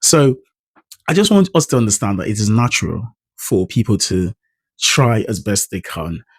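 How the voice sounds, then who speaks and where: A man with a Nigerian accent, a native Idoma speaker, talks casually to camera as a pronunciation coach, thoughtfully explaining and trying out sample words aloud. His lowish voice swings widely in pitch at a moderate pace, slightly rough, in a dry recording.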